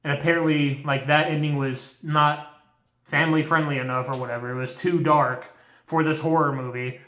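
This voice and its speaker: A man's voice: mid-range voice, a bit bright. A young man recapping a horror movie in a casual, profane, exasperated rant full of slang. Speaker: movie reviewer. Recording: roomy echo.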